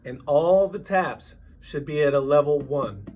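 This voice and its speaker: A man teaching a drum lesson, patiently explaining and counting sixteenth-note rhythms out loud. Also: fairly high pitch, a little slow, soft background music.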